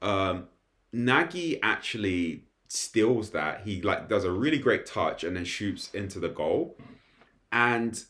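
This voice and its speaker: A young man with a slightly low voice chats through an anime episode review. He rambles excitedly and keeps breaking into laughter. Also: slow pace.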